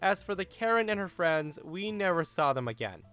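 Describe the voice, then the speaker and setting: Animated man narrating a story. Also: high voice, normal speed, soft background music. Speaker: storyteller narrating online posts. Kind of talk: narrated story reading with commentary.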